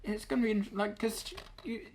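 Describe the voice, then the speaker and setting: A man hosting a casual comedy podcast, teasing his guest in a deadpan way. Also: high voice, brisk. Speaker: podcast host.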